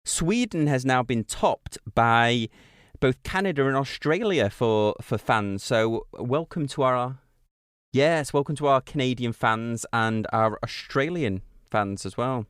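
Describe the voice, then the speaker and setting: A man in his late thirties, co-hosting a casual podcast at a mid pitch. He talks in a loose, chatty way and laughs easily while telling a story. The sound is dry and close, with no room echo. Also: lively intonation, unhurried, smooth. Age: late 30s. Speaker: podcast co-host. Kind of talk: casual chat.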